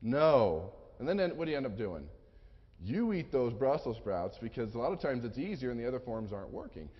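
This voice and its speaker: A man at mid pitch speaks to a room, spinning a humorous anecdote and slipping into the voices of the people in it. The sound is muffled and lo-fi, with a long reverb from the hall around him. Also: sing-song, fast talker, slightly rough. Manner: humorous anecdotal storytelling, acts out dialogue. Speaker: sales and persuasion speaker. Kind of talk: storytelling seminar talk.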